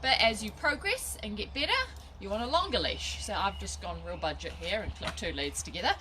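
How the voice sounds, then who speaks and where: This woman talks a little fast with lively intonation at a medium pitch, and background noise is audible. She's giving a relaxed, talkative dog-training lesson live on video, frequently starting over and laughing when she slips up. A phone or camera picks her up from close by.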